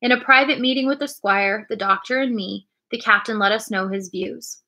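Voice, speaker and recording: Casual: lady reading a kids' story out loud, clear and bright. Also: medium pitch, moderate pace, few pauses. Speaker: reader. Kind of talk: reading a children's storybook aloud.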